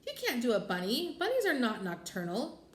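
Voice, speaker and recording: A woman's voice: a little high, wildly swooping pitch, normal speed, roomy sound, voice pushed up. A woman voicing a rude, teasing little schoolboy in a children's storybook, mocking and complaining. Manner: snickering, mocking.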